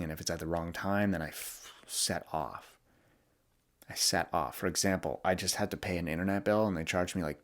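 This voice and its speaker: A young podcast host delivers a reflective monologue, speaking candidly and vulnerably in a voice that sits low. He often halts and starts over.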